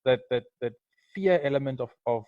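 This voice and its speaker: Halting man co-hosting over a call. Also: mid-range voice, no room sound. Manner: thoughtful, halting, many restarts. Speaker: co-host. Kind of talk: video call interview. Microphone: video call. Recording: dull muffled call audio.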